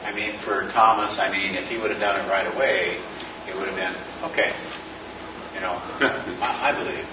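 A man in a casual Bible discussion, soft-spoken and thoughtful. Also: sits low, steady tone, normal speed. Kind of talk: casual Bible study chat. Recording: echoey, muffled room from farther off with noise.

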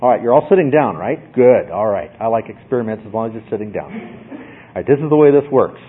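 An emphatic male Bible teacher lecturing with a lively, varied pitch and a husky edge. He keeps checking in with his listeners. The sound is tinny and phone-like. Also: fairly quick. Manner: emphatic, asks "okay?" often.

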